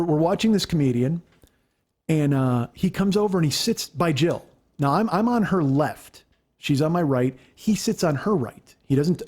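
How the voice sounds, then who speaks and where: A middle-aged man casually telling a story as a podcast host, animated and profane, acting out what others said. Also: fairly high pitch. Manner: animated, profane, acts out quotes.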